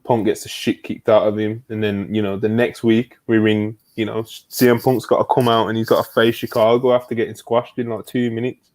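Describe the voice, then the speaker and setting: A man co-hosting a podcast in casual chat, excitable, swearing freely and retelling events at length. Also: on the low side, fairly quick. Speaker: podcast co-host.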